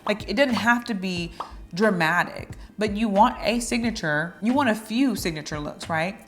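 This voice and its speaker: A woman's voice: mid-range voice, normal speed, fairly bright tone, faint music behind. A woman vlogger giving dating advice in a chatty, playful way, now and then acting out little flirty lines. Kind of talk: casual advice talk to camera.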